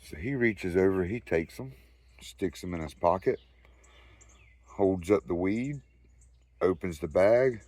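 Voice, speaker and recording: A man's voice: deep voice, animated, slow pace, pauses often, darkish tone, no echo. A man with a Southern US accent telling a rambling, profane anecdote in casual storytelling style. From Southern United States. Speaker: storyteller host.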